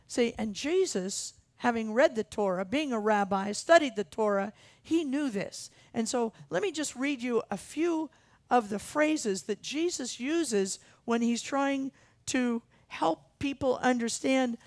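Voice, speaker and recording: A woman's voice: fairly high pitch, animated, slow pace, no echo, studio quality. A woman minister preaching a sermon in an earnest, emphatic way, repeating her key phrases for weight. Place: church sanctuary.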